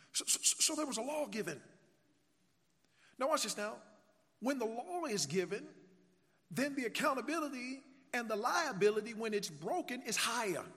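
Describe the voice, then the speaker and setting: A man's voice: sits high, fairly bright tone. A man preaching a sermon, reading scripture aloud and calling on the congregation to answer and repeat after him. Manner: call-and-response with congregation, rhetorical questions. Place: church sanctuary. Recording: long church reverb.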